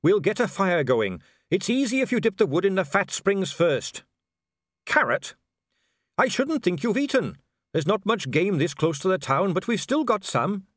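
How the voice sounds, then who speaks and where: A man's voice: high-pitched, very animated, normal speed, a bit bright, no room sound, clean studio sound, pitched above the performer's own voice, heavily acted. A man voicing a cheerful, earnest young male watch captain who is polite and keeps saying sir.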